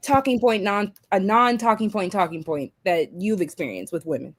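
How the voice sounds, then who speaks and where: A woman's voice: mid-range voice, normal speed. A woman co-hosting a casual debate, asking probing questions.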